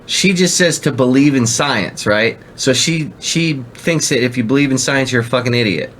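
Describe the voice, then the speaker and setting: A man's voice: mid-range voice, moderate pace, fairly bright tone, slight background noise. A man co-hosting a podcast, reacting to a video in casual chat, profane, exasperated and emphatic. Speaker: podcast co-host.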